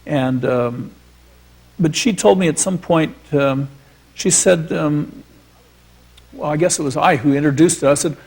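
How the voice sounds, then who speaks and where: A man's voice: fairly high pitch, measured pace, creaky, long pauses, a little mellow, breathy edge. A man, a filmmaker guest, reminiscing onstage in a rambling, filler-laden storytelling way.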